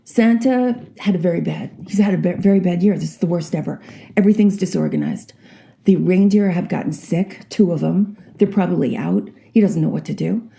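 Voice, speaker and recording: Woman in her sixties, vlogger, chatty storyteller, low gravelly voice. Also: brisk. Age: 60s. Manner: chatty, rambling, animated storyteller. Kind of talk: casual joke telling.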